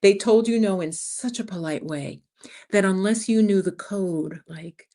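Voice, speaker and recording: A woman's voice: medium pitch, unhurried, dark tone. A woman in her fifties with a New York accent, hosting a casual livestream and talking frankly to her viewers as "you guys.". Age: 50s. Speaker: channel host.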